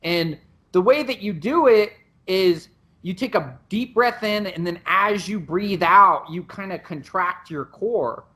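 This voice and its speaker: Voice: medium pitch, unhurried, sharp tone. Podcast co-host explaining training. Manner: explanatory, many restarts. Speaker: podcast co-host and Muay Thai coach. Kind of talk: casual chat.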